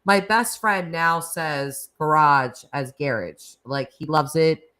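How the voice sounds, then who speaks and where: A woman's voice: low-pitched, slow, a bit bright. A woman with a Northeastern American accent, hosting a casual live-stream chat and reading out viewers' comments, talking in a chatty, rambling way full of "like" and laughter. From Northeastern United States.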